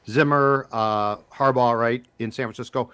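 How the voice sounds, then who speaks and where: Rambling podcast host asking questions. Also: male voice, mid-range voice, steady tone, measured pace, bright, forceful tone, clean tone, no echo. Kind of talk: casual podcast interviewing.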